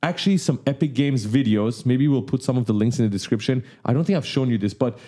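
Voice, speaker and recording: Brief: male tutorial host, mellow, relaxed voice, upbeat and plain-spoken. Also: medium pitch, fast talker. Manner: enthusiastic, explains simply. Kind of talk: casual software tutorial.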